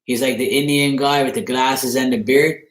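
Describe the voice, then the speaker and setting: A man's voice: mid-range voice, steady tone, normal speed. A man hosting a tarot channel, telling a profane story in a casual, laughing rant. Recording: roomy echo.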